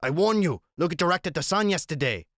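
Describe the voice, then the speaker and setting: A steady, kindly old West Indian sailor, as a male narrator puts him on in a storybook reading. He talks in a lilting island accent with a somewhat raised voice. The recording is dry and close. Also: mid-range voice, moderate pace, no echo. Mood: warning. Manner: gentle, steady, dialect speech. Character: old West Indian seaman, calm and protective.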